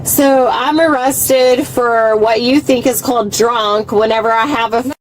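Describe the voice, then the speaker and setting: A woman's voice: fairly high pitch, steady tone, measured pace, poor audio. A woman in her thirties, an arrested driver arguing inside a police car, belligerent, swearing and repeating herself, caught on a body camera. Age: 30s. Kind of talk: heated argument on bodycam.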